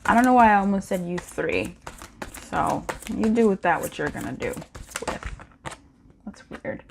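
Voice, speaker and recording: A woman's voice: lowish voice, big pitch swings, moderate pace, gravelly, noisy background. A woman doing a casual pick-a-card tarot reading, playful and slangy, with frequent laughter.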